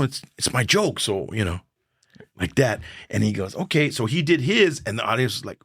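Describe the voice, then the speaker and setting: A man's voice: mid-range voice, fairly quick, breathy edge, no room sound, studio quality. An older man, a comedian guest on a podcast, telling stories casually and acting out the dialogue. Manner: animated storyteller acting out dialogue. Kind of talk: casual storytelling chat.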